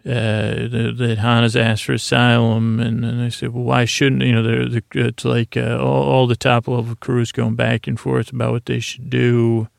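A man with a heavily gravelly, fry-laden voice that stays flat and low-key as he drones through a meandering recap. He rambles, restarts and pads his sentences with fillers in an unhurried bedtime style. The sound is dry and close, with no room around it. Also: no echo. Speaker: podcast host. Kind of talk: sleepy episode recap.

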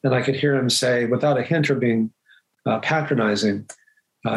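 A man, a doctor, telling a personal story in a reflective, earnest way, pausing and restarting as he goes, with emotion showing. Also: medium pitch, low-quality recording.

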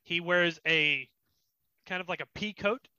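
A man's voice: high voice, pushed and bright, smooth, dry recording. Man, dungeon master, narrating a tabletop game, descriptive, slightly muffled recording. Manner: descriptive, halting with fillers.

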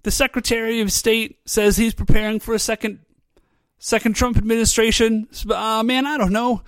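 A man's voice: high voice, level tone, moderate pace, fairly bright tone, smooth, no echo, studio quality. A man hosting a podcast, recapping an episode in a casual, rambling way, full of fillers like "um" and "like", with frequent laughs. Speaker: podcast host.

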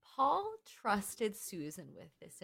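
A woman co-hosting a podcast, retelling TV scenes casually with animated asides. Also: medium pitch, slow, vocal fry, husky. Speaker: podcast co-host. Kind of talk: casual recap chat.

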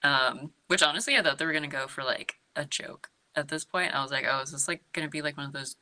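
A woman's voice: low voice, quick pace, pushed and bright, low-quality recording. A woman casually recapping a film scene, storytelling with lots of "like" and acted-out quotes. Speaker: co-host recapping a horror film. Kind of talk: casual chat.

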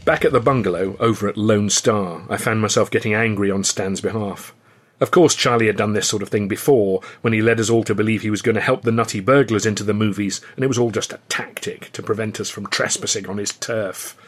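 A man's voice: fairly low pitch, fairly quick, husky. Wry man narrating his own novel. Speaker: author and audiobook narrator. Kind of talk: scripted narration.

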